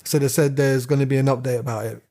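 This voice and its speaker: A man's voice: medium pitch, steady tone, fast, warm tone. A man, co-hosting a casual podcast, rambling and laughing as he rants. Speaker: podcast co-host. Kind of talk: casual chat.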